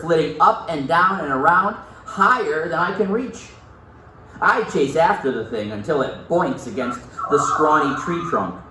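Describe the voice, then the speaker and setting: A male teacher reading a novel aloud to his class, animated, repeating key points and putting questions to the students. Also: sits high. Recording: echoey classroom, mic far off, faint noise.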